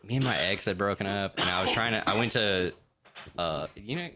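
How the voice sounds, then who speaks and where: A man's voice: on the low side, fairly quick, noisy background. A man from Kentucky, a podcast guest, telling a rambling story in casual chat and swearing freely.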